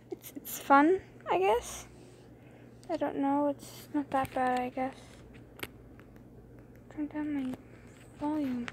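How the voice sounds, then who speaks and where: A young woman chatting through a mouse game late at night, rambling and giggly, keeping her voice low so others can sleep. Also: a little hiss or hum. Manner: rambling, giggly, hushed to keep quiet. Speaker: gameplay streamer. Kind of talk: casual gameplay commentary. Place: bedroom at home late at night. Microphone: phone screen recorder.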